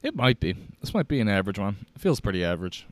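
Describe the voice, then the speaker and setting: A young man with a deep voice and a Chicago accent, hosting a solo podcast and rambling casually with lots of swearing. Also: very animated, quick pace, no echo. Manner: profane, rambling, jokey. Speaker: podcast host.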